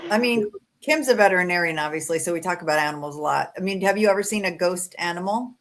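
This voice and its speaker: A woman co-hosting a casual podcast, asking questions and reacting quickly. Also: lowish voice, fairly bright tone. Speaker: podcast co-host. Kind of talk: casual chat.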